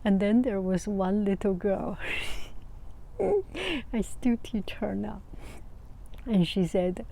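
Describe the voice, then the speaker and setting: Slow, mellow woman. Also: mid-range voice, slight background noise. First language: Mandarin Chinese. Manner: halting, searching for words, breaks into soft laughter. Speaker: art teacher. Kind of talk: casual storytelling vlog.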